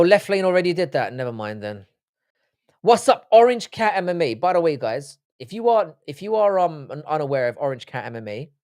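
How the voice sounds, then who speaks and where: A man's voice: mid-range voice, darkish tone. A young man hosting a livestream, ranting and swearing as he reads out chat comments. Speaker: livestream host. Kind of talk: live-stream chat reading comments.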